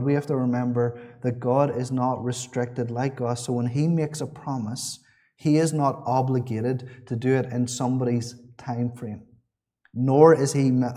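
A man's voice: mid-range voice, steady tone, moderate pace, warm tone. A man preaching a sermon in a church, earnest and repeating his key phrases, with small restarts.

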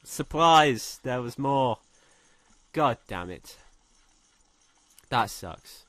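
A young man doing let's play commentary, excitable, swearing a lot and shouting when thrilled. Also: mid-range voice, slow, long pauses, no echo. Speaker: gaming commentator.

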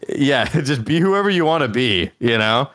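A man's voice: medium pitch, expressive, normal speed, fairly bright tone, no echo, clean studio sound. A young man chatting casually while gaming on a stream, laid-back and joking, rambling with lots of "like".

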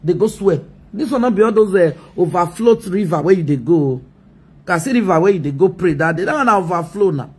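A woman's voice: fairly low pitch, animated, fairly quick, a little mellow, husky. A Nigerian woman ranting mockingly on a live video, scolding and laughing often.

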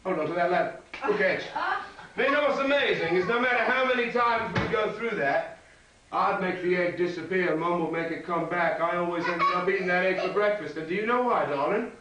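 A man's voice: high voice, brisk. A man performing as a clown entertainer, telling a playful story and doing a magic trick for children, chatty and teasing. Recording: echoey, distant, noisy venue.

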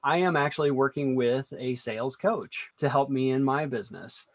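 Male guest, business consultant, steady instructive explainer, mid-pitched voice. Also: normal speed, dry recording. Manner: steady, explanatory, draws on teaching music. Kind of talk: conversational interview.

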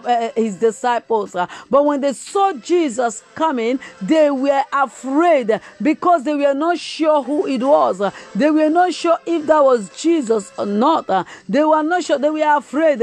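A woman's voice: high-pitched, a little mellow. A woman evangelist preaching a livestreamed sermon, drawing out and repeating her phrases with emphasis, dropping "eh" between lines and breaking into tongues. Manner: slow, drawn-out emphatic preaching with repetition and bursts of tongues; punctuates phrases with "eh".

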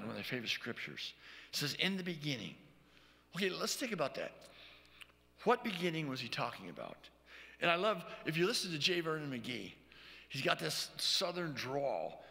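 A man preaching a sermon as pastor, teaching verse by verse, often checking in with "okay?" and reading scripture slowly. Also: a little high, creaky, bright, forceful tone, in a large hall. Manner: reads scripture aloud slowly.

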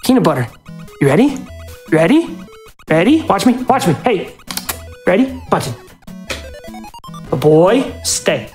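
A man's voice: high-pitched, big pitch swings, measured pace, long pauses, a little mellow, faint music behind. A man at a live speedrun marathon, giving doting, coaxing commands to his dog while explaining the game.

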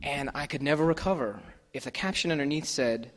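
Brief: self-deprecating male author, slightly high voice, storytelling live, long hall reverb. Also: brisk, fairly bright tone, slight background noise. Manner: wry, self-deprecating, loose and chatty. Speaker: author and guest speaker. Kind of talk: comic storytelling to a live audience. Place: festival venue hall.

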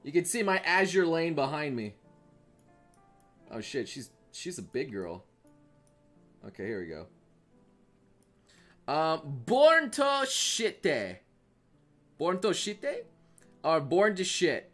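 A young man chatting casually on a live stream, reading memes aloud, excitable and profane. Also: fairly high pitch, slow pace, long pauses, faint music behind. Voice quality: excitable, profane, laughs often.

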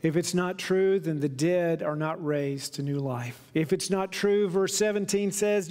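A male pastor preaching a sermon, retelling stories as he goes and slowing down to stress key points. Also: high voice, darkish tone. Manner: storytelling preacher, slows down for emphasis. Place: church sanctuary. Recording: long reverb of a church hall.

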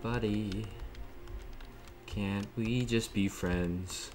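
A man's voice: lowish voice, steady tone, drawn-out words, darkish tone. A man hosting his own gaming channel, giving casual let's-play commentary and joking back at the game's characters. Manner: jokey, talks back to game characters. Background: game music.

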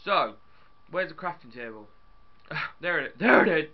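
A young man chatting casually as he plays a building game, excitable and talking to his viewers and his in-game dog. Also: fairly high pitch, a little slow, muffled recording. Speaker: gaming YouTuber.

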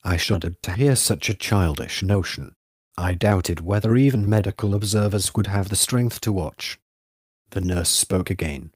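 Male audiobook narrator, low voice, dry close sound, measured literary reading. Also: a little mellow, no echo.

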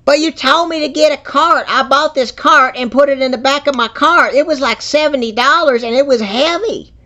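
A man's voice: very high voice, moderate pace, pushed and bright. A man voicing a flustered, easily confused older woman who rambles and repeats herself on a muffled call. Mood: confused, exasperated. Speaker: scam baiter. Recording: muffled phone-call audio.

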